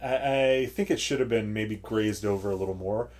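A man co-hosting a podcast, reviewing a movie in casual chat, animated and profane, laughing often. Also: fairly low pitch, moderate pace. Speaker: podcast co-host.

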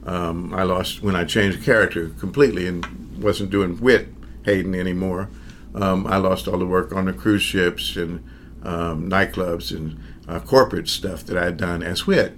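An older man with a Southern drawl and a lowish voice talks easily about his work as a magician, often chuckling as he trails off and restarts. Faint ambience hums behind him. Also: fairly even intonation, normal speed, slight background noise. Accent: Southern American. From American South. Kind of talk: casual interview.

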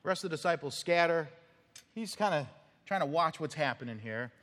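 A man with a fairly high voice preaches a sermon in a church. He tells the story in a loose, conversational way. His words ring out with a long hall reverb. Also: expressive, brisk, fairly bright tone. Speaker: pastor. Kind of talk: expository sermon. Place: church sanctuary.

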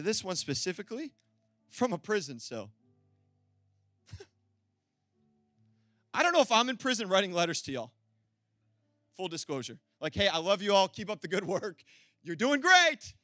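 A man preaching a sermon as pastor, animated and emphatic, calling out to the congregation for an amen. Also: fairly high pitch, dry recording.

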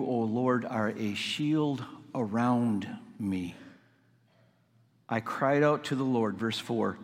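A man preaches a sermon at a mid-range pitch, moving from calm explanation to fervent, emphatic passages. His voice carries a long reverb, as if he is in a large church sanctuary. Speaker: pastor.

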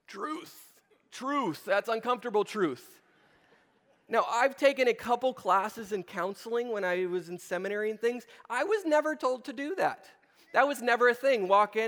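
A man's voice: high-pitched, normal speed, a bit bright. A middle-aged male pastor giving a conversational sermon, asking the room questions and acting out short quotes. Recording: long hall reverb.

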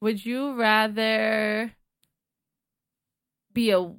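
A woman's voice: a little high, fairly even intonation, very slow, fairly bright tone, smooth, no echo. A woman co-hosting a podcast who teases her friends and reads out questions in casual chat. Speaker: podcast co-host.

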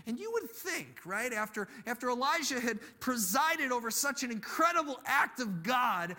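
A man preaching a sermon, telling the story in an animated way that builds to loud, emphatic peaks. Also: very high voice, moderate pace, few pauses. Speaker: pastor.

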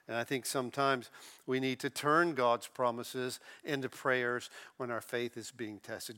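Bright-voiced man preaching a sermon. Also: medium pitch, a little slow. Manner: earnest preaching with rising emphasis and soft drops. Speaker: pastor.

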